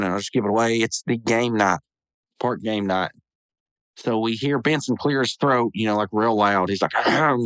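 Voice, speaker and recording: A man's voice: lowish voice, no room sound. A man hosting a podcast, casually reviewing a cartoon episode, rambling with lots of restarts and self-corrections. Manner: enthusiastic, animated retelling.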